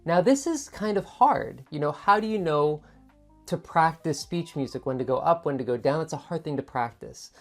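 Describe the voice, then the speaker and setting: A woman's voice: sits low, lively intonation, normal speed, soft background music. A woman tutor explaining test answers in a chatty teaching manner, demonstrating intonation by repeating words. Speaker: TOEFL tutor. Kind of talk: explaining student sample answers.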